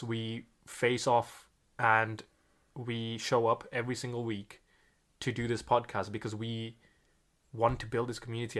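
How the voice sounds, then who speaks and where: A young man with an Indian accent blended with British and American sounds talks earnestly as a podcast co-host. He often restarts his phrases as he works through his thoughts. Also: mid-range voice. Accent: Indian mixed with British and American. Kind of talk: reflective podcast chat.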